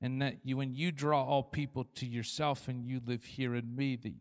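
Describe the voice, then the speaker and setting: A man preaching a sermon as pastor, playful and quick to act out little dialogues. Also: medium pitch, level tone. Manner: humorous, acts out short dialogues. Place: large church hall. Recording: long church hall reverb.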